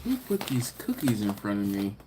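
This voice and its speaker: A man hosting a live stream in casual chat, reading viewer comments aloud and answering them playfully, with frequent laughter and drawn-out teasing emphasis. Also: on the low side, huge pitch swings, background noise. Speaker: livestream host.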